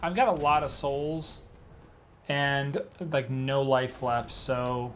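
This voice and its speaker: A man's voice: mid-range voice, steady tone, takes it slowly, a little hiss or hum. A man giving casual, rambling commentary while playing a video game, full of filler words. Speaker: let's play gamer.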